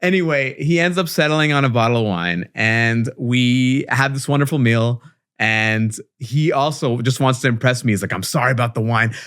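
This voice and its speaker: A man's voice: medium pitch, normal speed, a bit bright, clean tone. A man with a Long Island accent, co-hosting a podcast and telling a story in casual chat, acting out the voices of everyone he quotes. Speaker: podcast co-host.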